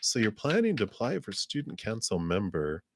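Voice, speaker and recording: A man's voice: on the low side, wildly swooping pitch, normal speed, slight background noise. A man giving tarot card readings on a live stream, rambling loosely with many ums and little laughs, acting out people's reactions. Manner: breaks into little laughs, acts out quoted reactions.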